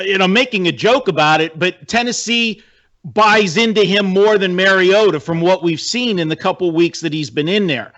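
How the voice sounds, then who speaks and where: A male sports handicapper breaks down games in a chatty, wry way, with fillers throughout. His voice sits a bit high, and the audio is dull and lo-fi. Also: a bit bright. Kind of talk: casual sports betting analysis.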